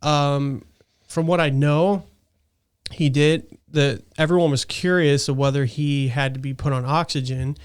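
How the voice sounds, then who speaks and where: Smooth-voiced chatty man. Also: fairly high pitch, fairly even intonation, unhurried. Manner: rambling, chatty, laughs easily. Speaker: podcast host. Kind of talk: casual podcast chat.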